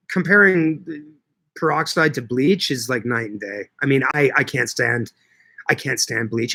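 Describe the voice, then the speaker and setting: A man's voice: medium pitch, moderate pace, a bit bright, dry recording. A man hosting a casual livestream, chatting with viewers, reading their comments aloud and often repeating his words. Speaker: livestream host answering chat.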